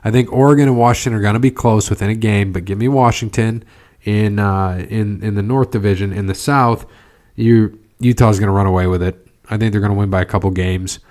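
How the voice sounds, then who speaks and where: Man, podcast co-host, low voice, casual confident picks. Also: steady tone, a little fast, darkish tone. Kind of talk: casual sports chat.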